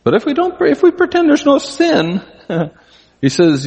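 An older man with a husky voice preaching an earnest, conversational sermon, his pitch leaping up for emphasis. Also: wildly swooping pitch, measured pace, a little mellow. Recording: long hall reverb.

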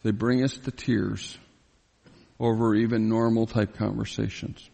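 A man's voice: fairly low pitch, flat delivery, vocal fry, dark tone. A man preaching a sermon, reading scripture verses aloud and stopping to explain them, growing earnest and pleading as he voices a biblical figure. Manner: reads scripture aloud and pauses to explain, grows pleading when voicing Joseph. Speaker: pastor. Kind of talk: expository Bible sermon. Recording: long reverb in a hall.

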